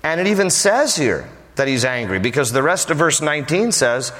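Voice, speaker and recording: A male pastor preaching with humor and lively storytelling, his voice slightly higher than most men. His words carry the long reverb of a large hall. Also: moderate pace, hardly any pauses. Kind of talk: sermon.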